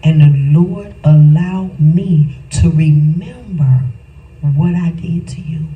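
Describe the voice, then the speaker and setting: A middle-aged woman preaching a personal testimony, slow and emphatic, rising at times to shouts. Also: low-pitched, phone-quality sound. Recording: roomy, distant mic, faint ambience.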